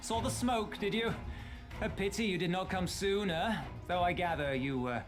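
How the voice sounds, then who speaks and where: An actor playing a courteous male diplomat in a video game, speaking in a smooth, measured way. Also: high voice, over music, natural voice.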